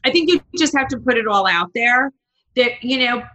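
Female guest, blunt and lively, crisp bright tone, re-enacts conversations. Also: a little high, normal speed, muffled recording. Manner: blunt, animated, acts out quoted dialogue. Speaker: podcast guest. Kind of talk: casual storytelling chat.

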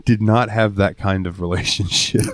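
A young man with a very low voice, chatting on a podcast and laughing often. He tells his stories loosely, swearing as he goes. The sound is dry and close, with no room echo. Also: fairly even intonation, moderate pace. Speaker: podcast co-host. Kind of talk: casual chat.

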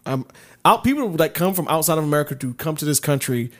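Fast-talking profane man. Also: a little high, expressive. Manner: rapid, profane, rambling with many restarts. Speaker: podcast co-host. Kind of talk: casual chat.

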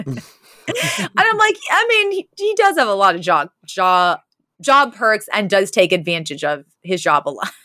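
A woman's voice: medium pitch, very animated, moderate pace, bright, forceful tone, no room sound, studio quality. A young woman co-hosting a podcast in casual chat, retelling scenes with lots of laughs and fillers. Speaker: podcast co-host.

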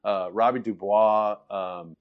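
A man, a former quarterback, telling stories as a guest in a relaxed, laughing way. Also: lowish voice, slow pace, clean tone, highs cut off. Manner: loose and laughing, quotes people in lively voices. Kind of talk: casual storytelling interview.

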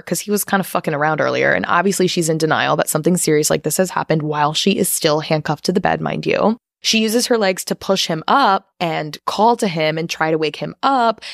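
Chatty low-voiced woman podcaster. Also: creaky, no echo, clean studio sound. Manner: chatty, profane, recaps with frequent fillers. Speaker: podcast co-host. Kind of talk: casual film recap chat.

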